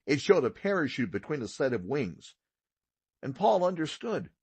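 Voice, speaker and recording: A man narrating a children's audiobook, with steady, expressive read-aloud storytelling. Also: medium pitch, normal speed, slightly rough, no room sound. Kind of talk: scripted narration.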